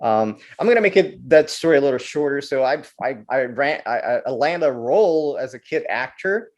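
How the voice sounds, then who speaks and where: A man from Brazil, a guest filmmaker telling stories in an interview, animated and often repeating words as he goes. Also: medium pitch, moderate pace. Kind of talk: storytelling interview.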